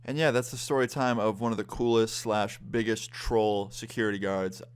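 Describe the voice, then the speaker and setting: A man's voice: lowish voice, steady tone, moderate pace, clean tone. A young man telling a casual storytime vlog, swearing freely as he goes. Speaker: vlogger.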